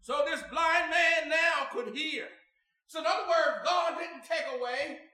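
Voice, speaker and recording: A male preacher delivering a sermon, his lines swelling from talk into shouted, sung chanting. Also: very high voice, a little slow. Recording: echoey room with faint music.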